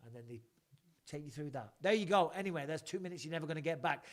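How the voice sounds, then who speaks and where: A middle-aged English man with a somewhat high voice hosts a casual live chat. He rambles through long anecdotes and swears freely. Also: expressive, fast. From England. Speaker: podcast host.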